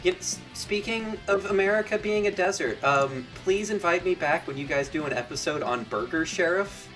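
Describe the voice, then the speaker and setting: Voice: medium pitch, normal speed, a bit bright, faint music behind. Hesitant podcast guest. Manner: hesitant, restarts often. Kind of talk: casual fan podcast chat.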